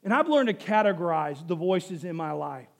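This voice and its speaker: A man's voice: high voice, expressive, normal speed, gravelly. A man preaching a sermon as pastor, emphatic and repetitive, asking the congregation rhetorical questions.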